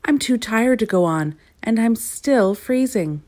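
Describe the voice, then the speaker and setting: Storybook role: shouting, shivering little male gnome, read by a woman, pitched up. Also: lively intonation, measured pace. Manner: shouting, frantic.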